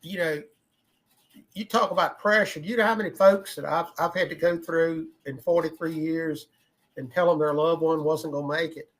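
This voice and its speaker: Man in his 60s, slightly higher pitch, rambling conversational co-host. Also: steady tone, moderate pace. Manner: rambling, repeats words while thinking aloud. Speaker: podcast co-host, emergency medical veteran. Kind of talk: casual conversation.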